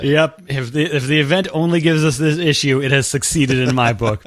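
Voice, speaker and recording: A man's voice: on the high side, steady tone, fairly quick, no room sound. A man co-hosting a comics podcast, chiming in with brief, wry reactions. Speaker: podcast co-host. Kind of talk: casual comic book chat.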